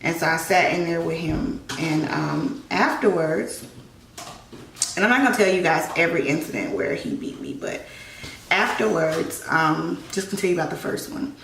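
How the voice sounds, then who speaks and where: A woman tells a personal story while getting ready at home, chatting and acting out what each person said. Her voice sits low and gravelly. The recording is echoey and noisy, caught on a mic a few feet away. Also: very animated, moderate pace, a bit bright. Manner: conversational, re-enacts dialogue. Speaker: vlogger. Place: at home, in a room. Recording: echoey room, distant mic, background noise.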